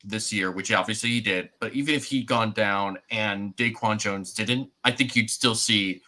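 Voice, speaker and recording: A man's voice: lowish voice, normal speed, sharp tone. A young man co-hosting a sports podcast, chatting casually and rambling with fillers. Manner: rambling, many fillers and restarts. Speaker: podcast co-host.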